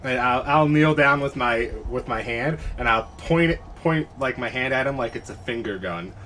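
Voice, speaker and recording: A calm, matter-of-fact man speaking as a player in a tabletop game. He sits back from his mic, so he sounds a little distant, and there is faint noise behind him. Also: mid-range voice, normal speed. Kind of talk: casual tabletop role-play.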